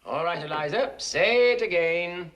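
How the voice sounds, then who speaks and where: A man's voice: sits high, animated, unhurried, highs cut off, background noise. An actor playing an imperious phonetics professor, drilling his pupil in a theatrical, lecturing, exasperated way. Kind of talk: 1960s film musical acting.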